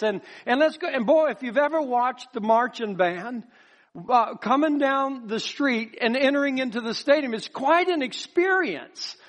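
High-voiced pastor preaching. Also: male voice. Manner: animated, folksy, with rhetorical questions and acted-out voices. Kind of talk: sermon.

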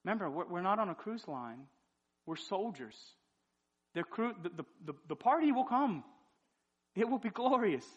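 A man in his thirties, a pastor preaching a sermon, pressing the listeners with repeated urgent questions. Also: sits high.

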